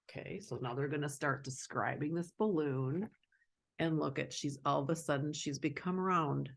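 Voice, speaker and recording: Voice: medium pitch, moderate pace, vocal fry. A host reading a children's picture book aloud and adding casual commentary and laughing asides.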